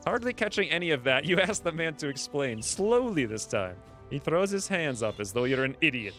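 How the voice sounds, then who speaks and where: A man's voice: on the high side, sing-song, normal speed, few pauses, fairly bright tone, soft background music. A man casually commenting on his own strategy game playthrough, chatty and musing aloud. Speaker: gaming video creator. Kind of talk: let's play commentary.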